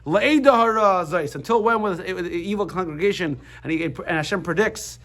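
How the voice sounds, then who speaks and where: A man teaching a lively class, switching quickly between explanation and jokes. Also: high voice. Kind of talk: animated class lesson.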